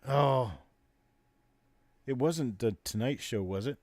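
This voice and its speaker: A man hosting a live coin auction, calling bids in rapid, repetitive runs and joking between lots. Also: mid-range voice, a little mellow, dry recording. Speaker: auctioneer and show host.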